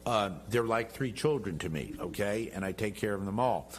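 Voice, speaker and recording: A middle-aged man speaks in a somewhat low voice, emphatic and jovial, plainly proud of his own standing. He is a guest on a studio interview show. A faint electrical hum sits under the recording. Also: normal speed. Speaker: congressman, guest. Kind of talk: interview talk.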